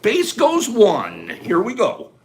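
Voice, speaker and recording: A man with a high, lively voice hosts a relaxed live chat. He calls things out fast and playfully and banters with his viewers. His pitch swings all over as he talks. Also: gravelly, slight background noise. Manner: rapid list-calling, animated and playful. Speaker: livestream host.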